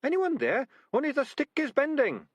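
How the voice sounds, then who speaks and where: A man's voice: very high-pitched, wildly swooping pitch, moderate pace, dry recording, pitched above the performer's own voice, heavily acted. A man voicing a plump, cheerful male tap-dancing rat who stays unflappable in trouble. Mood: chirpy. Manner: chirpy and unflappable.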